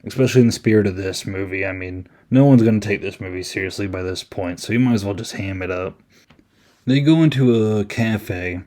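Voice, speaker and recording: Solo podcast host, male, low mellow voice, loose and amused, filler-heavy. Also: brisk. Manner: rambling, amused, many ums. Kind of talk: casual solo movie review.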